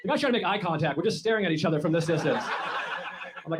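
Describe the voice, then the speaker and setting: A man's voice: a little high, wildly swooping pitch, fast talker, long pauses. A man doing a stand-up comedy set on a club stage, with wry, self-deprecating observational delivery. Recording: noisy recorded stand-up clip.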